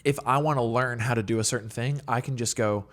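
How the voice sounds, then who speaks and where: A man's voice: medium pitch, fast talker. Young man rambling through a casual chat. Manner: rambling, filler-heavy, animated storytelling. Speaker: guest songwriter and worship leader. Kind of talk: casual podcast interview.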